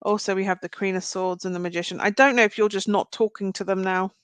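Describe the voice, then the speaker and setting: A woman's voice: medium pitch, steady tone, fast, clean tone, no room sound. A woman doing a live tarot reading, chatting straight to her viewers. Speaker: tarot reader. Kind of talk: live-stream card reading.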